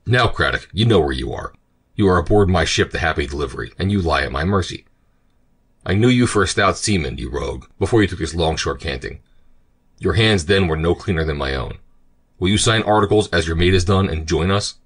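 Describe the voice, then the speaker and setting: A man's voice: deep voice, animated, brisk, breathy edge, exaggerated voice. A man voicing a cruel, contemptuous male pirate captain in an audiobook, with a taunting manner. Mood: threatening.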